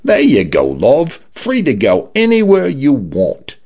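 A man's voice: medium pitch, huge pitch swings, slow, muffled recording, pitched above the performer's own voice, full character voice. A man voicing a bossy but friendly male smart-home condo with a British, slightly Cockney accent, in a radio story reading. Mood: chirpy. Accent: British, leaning Cockney. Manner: bright, friendly, patronizing.

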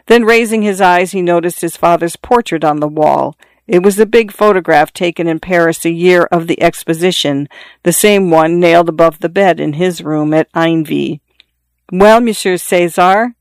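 A narrator reading a story in a measured, even way. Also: mid-range voice, clean tone, no echo. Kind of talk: audiobook narration.

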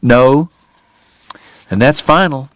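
A man voicing a frail, gentle gentleman who is dying, speaking softly and wearily in an audiobook. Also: mid-range voice, slow, no echo. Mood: firm. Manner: soft, weary, tender. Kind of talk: audiobook character voice.

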